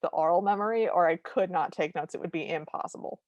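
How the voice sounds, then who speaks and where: Woman podcast co-host, casual recap from notes, mid pitch, dry close mic. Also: fast, a little mellow, no room sound, dull audio. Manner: note-reading recap, apologetic asides. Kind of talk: casual chat recapping a film.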